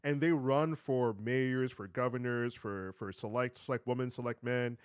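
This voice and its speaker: A man's voice: medium pitch, normal speed, clean tone, dry recording, clean studio sound. A man co-hosting a casual podcast discussion, heated and repeating words as he talks, often saying "bro.". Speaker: co-host.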